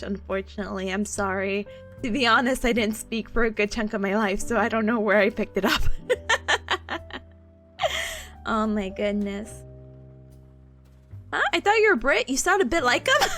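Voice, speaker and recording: Young woman streamer, high bouncy voice, giggly casual chat, faint music behind. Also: fairly bright tone. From southern United States. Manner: giggly, playful, chatty.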